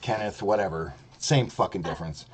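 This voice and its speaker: A man's voice: deep voice, fairly quick, a little hiss or hum. A man streaming a profane, mocking rant, heated and sarcastic. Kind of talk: ranting commentary.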